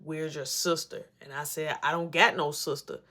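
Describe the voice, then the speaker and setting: A woman's voice: sits low, little pitch movement, normal speed, sharp tone. A woman telling a casual story, acting out both sides of the dialogue in a rambling, back-and-forth way. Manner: rambling retelling with many repeats of "I'm like".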